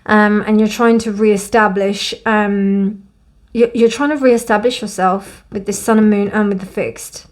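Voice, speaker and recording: A young woman gives a casual, gently emotional tarot card reading in a warm, reassuring way. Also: mid-range voice, steady tone, a little slow. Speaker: tarot reader.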